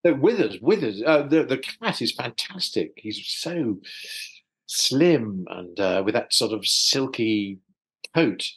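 A man's voice: mid-range voice, animated, slow pace, husky, rough recording. An older actor from South London chatting in an interview over a video call, hesitant and repeating his words, often chuckling. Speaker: actor guest. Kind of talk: casual interview chat.

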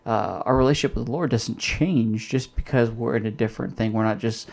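A man's voice: medium pitch, fairly quick, gravelly. A young adult man hosting a casual podcast on faith, explaining loosely with plenty of fillers. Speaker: host.

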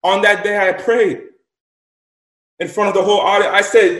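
A man's voice: high voice, fairly even intonation, normal speed, long pauses, fairly bright tone. A man telling a story as a guest, emphatic and profane, repeating lines for effect. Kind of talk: casual storytelling. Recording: roomy echo.

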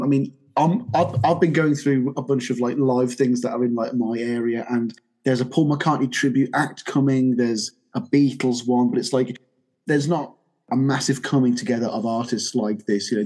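Brief: male podcast host, slightly husky, rambling casual chat. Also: mid-range voice, darkish tone. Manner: chatty, rambling, restarts, laughs often.

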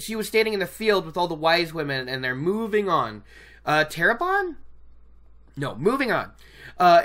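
A chatty host walks through a book chapter in casual commentary. The voice is bright, and the pitch jumps around a lot. They ramble, second-guess themselves and keep cracking themselves up. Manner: chatty, digressive, laughs often.

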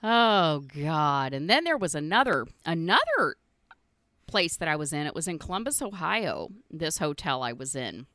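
A woman's voice: deep voice, very animated, normal speed, bright, forceful tone, no room sound. A middle-aged woman hosting her own podcast, telling stories in a blunt, profane way with frequent laughs. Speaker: podcast host. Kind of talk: casual storytelling monologue.

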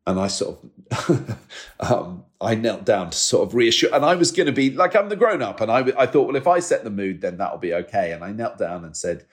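This is a man in his forties with a lowish voice. He talks candidly and haltingly, breaking off and restarting his sentences. There is an emotional, self-deprecating edge to how he tells his stories. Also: very animated. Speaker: guest. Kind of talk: candid conversational storytelling.

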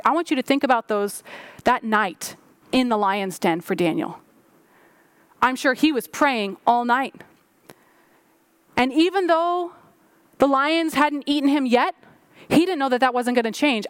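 Woman pastor, high voice, dry close sound; sermon with prayerful emphasis. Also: clean tone, dry recording. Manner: preaching with rising and falling emphasis, prayerful.

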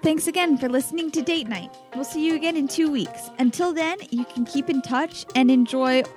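A woman's voice: high-pitched, a little fast, music in the background. A woman co-hosting a tabletop game podcast, chatting playfully and reading the outro. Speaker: podcast co-host. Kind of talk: casual chat and reading the outro.

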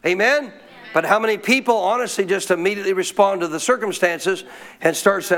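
A man preaching a sermon as pastor, telling a story with lively questions to the congregation. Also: high voice, fairly quick. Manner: animated storytelling, asks the crowd questions.

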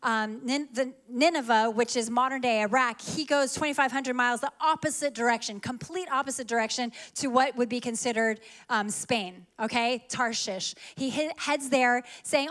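Woman preacher, slightly high voice, animated storytelling sermon. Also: normal speed, few pauses. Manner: lively storytelling, acts out quoted lines.

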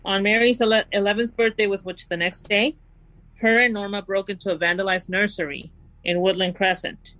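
Woman, podcast host, true crime storytelling, slow deliberate quote reading, dry close sound. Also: mid-range voice, steady tone, fairly bright tone, no echo, poor audio. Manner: reads quotes slowly and deliberately.

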